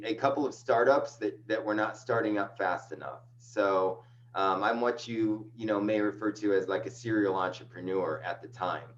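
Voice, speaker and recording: Man guest, lower voice, meandering self-deprecating storyteller; dull lo-fi call audio with a faint hum. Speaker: guest, agency owner. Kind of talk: casual video call interview. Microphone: video call microphone.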